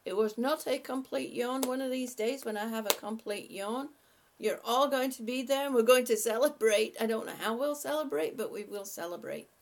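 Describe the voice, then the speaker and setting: A woman's voice: fairly high pitch, moderate pace, a little hiss or hum. A woman hosting a casual live stream, chatting and laughing often as she greets viewers by name. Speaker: livestream host.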